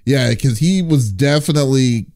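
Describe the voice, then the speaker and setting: Halting man hosting an interview. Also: medium pitch, expressive, a little mellow. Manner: halting questions, frequent restarts, laughs easily. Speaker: interview host. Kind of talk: casual interview chat.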